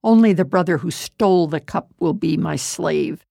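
A woman's voice: on the low side, moderate pace, creaky, dark tone, no echo, studio quality. A woman voicing a stern Egyptian lord. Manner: stern, commanding. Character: powerful Egyptian lord, stern grown man.

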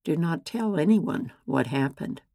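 A calm male healer speaking gently and with quiet authority, as a woman reads him in a Bible storybook. The voice sits low, slow and gravelly, dry and close. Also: no room sound, heavily acted.

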